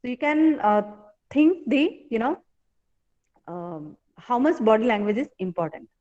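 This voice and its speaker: High-voiced woman lecturing with many fillers. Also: sing-song, mellow. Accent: Indian English. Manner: halting, many fillers and repeated phrases. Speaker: professor teaching an online class. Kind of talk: live online lecture. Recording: dull lo-fi online class audio.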